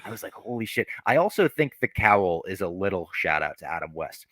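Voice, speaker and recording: A man's voice: sits low, very animated, brisk, a bit bright, slight background noise. A man hosting a podcast, reviewing a movie in casual chat, enthusiastic and profane. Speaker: podcast host.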